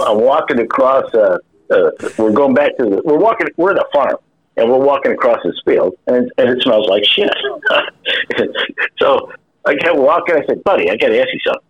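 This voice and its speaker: A man's voice: medium pitch, lively intonation, moderate pace, highs cut off. A man telling a funny story in casual podcast chat, laughing often and repeating his words as he goes. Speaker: podcast guest.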